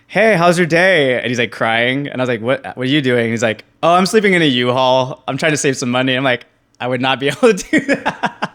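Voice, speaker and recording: Laughing young man telling a story. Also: medium pitch. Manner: animated, laughs often, acts out quoted voices. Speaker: guest. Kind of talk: casual storytelling interview.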